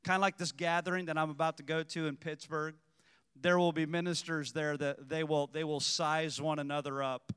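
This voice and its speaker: A male preacher with a smooth, resonant voice, pitched a little high, delivering a sermon. He moves from quiet teaching to loud exhortation. His voice rings with the long reverb of a church hall. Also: level tone, moderate pace. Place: church sanctuary.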